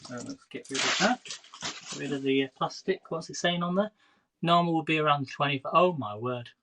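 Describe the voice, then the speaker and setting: Streaming from his phone, this thirtysomething man chats casually with viewers as he cooks in his home kitchen. He speaks at a moderate pace in a fairly high voice. Background noise includes kitchen clatter and clicks.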